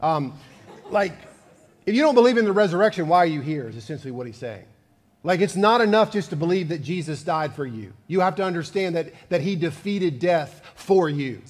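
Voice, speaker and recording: Male pastor delivering a sermon; higher voice, reverberant sanctuary. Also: expressive, normal speed. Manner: conversational, builds to fervent emphasis. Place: church sanctuary.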